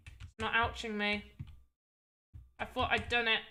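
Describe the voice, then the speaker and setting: A woman's voice: fairly high pitch, flat delivery, moderate pace, long pauses, sharp tone. A woman streaming as she builds a game, thinking aloud and exclaiming at what happens on screen. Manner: thinks aloud while testing her game. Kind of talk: casual live-stream chat.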